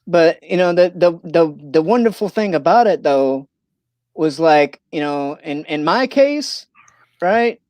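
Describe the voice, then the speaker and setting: A man from Missouri rambles through a casual livestream chat, full of "you know" and restarted sentences. His voice is smooth and clear, recorded dry and close with no room sound. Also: on the high side, expressive, unhurried, a little mellow, no echo. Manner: rambling, many fillers and restarts. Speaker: livestream host.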